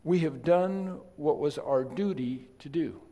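A man preaching a sermon, chatty in his asides and then emphatic and loud on key points. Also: on the high side, unhurried. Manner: conversational, swings from quiet asides to emphatic loud stresses. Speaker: pastor. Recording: long reverb of a large hall.

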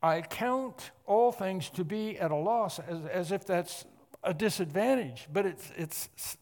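A man preaching an expository sermon, emphatic and repetitive, often clearing his throat. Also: high voice, takes it slowly, a little mellow. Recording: long hall reverb.

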